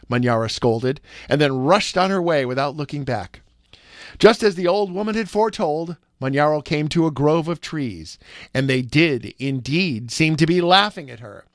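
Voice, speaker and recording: A man reading a storybook aloud with an expressive, measured delivery. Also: fairly high pitch, no echo, clean studio sound.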